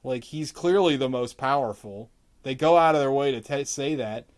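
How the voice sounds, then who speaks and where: A man vlogging while he draws, ranting casually about a movie in a rambling, profane way, his voice jumping up in pitch when he gets exasperated. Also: normal speed. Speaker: artist vlogger. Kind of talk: casual rant while drawing.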